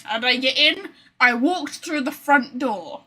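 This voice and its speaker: Chatty lady streamer, high husky voice, swears a lot, talks to her cat. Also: lively intonation, a little slow, sharp tone. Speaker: game streamer. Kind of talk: casual gameplay commentary.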